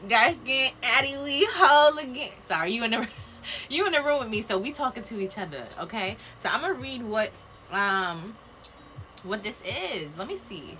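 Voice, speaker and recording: Bright-voiced, chatty woman reading cards. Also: mid-range voice, sing-song, moderate pace, slight background noise. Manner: chatty and playful, laughs often, slangy asides to viewers. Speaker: spiritual card reader. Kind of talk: casual live-stream card reading. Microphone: phone live video.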